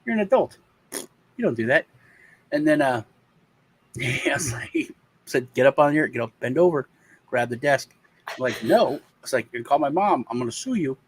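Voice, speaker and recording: A man from the United States, co-hosting a casual talk show, telling a childhood story in a halting, rambling way with many restarts. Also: mid-range voice, very animated, breathy edge, poor audio. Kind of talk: casual chat.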